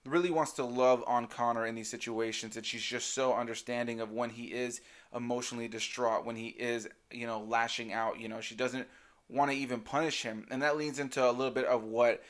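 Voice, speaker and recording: Man, review channel host, earnest, measured, thoughtful, casual chat, mid-range voice. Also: medium pitch, steady tone.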